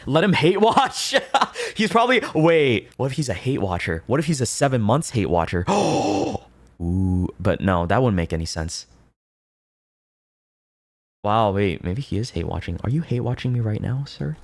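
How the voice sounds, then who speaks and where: Rambling young man streaming, lively pitch. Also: unhurried, dry recording. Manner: rambling, animated, with laughs and swearing. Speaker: VTuber streamer. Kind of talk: casual livestream chat reading confessions.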